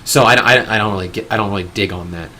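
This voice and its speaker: Give me a bright-voiced man ranting on a live stream. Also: fairly low pitch, fast talker, slight background noise. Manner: rambling, with frequent restarts and casual swearing. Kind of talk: opinionated live-stream monologue.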